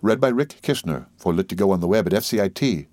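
A man narrating an audiobook in a measured storytelling manner. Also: sits low, lively intonation, darkish tone, no echo, clean studio sound. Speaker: audiobook reader.

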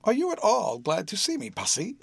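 A man's voice: wildly swooping pitch, fairly quick, vocal fry, fairly bright tone, dry recording, heavily acted. A man doing a sulky young fiancé. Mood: grumbling, teasing. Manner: grumbling, slightly lower and clipped.

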